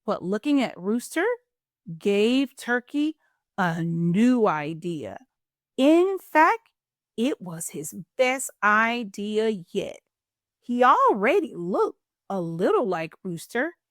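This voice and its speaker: Very slow, expressive woman reading a story. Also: medium pitch, no echo, clean studio sound. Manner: expressive, playful, drawn-out delivery. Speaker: storytime host reading aloud. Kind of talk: children's picture-book read-aloud.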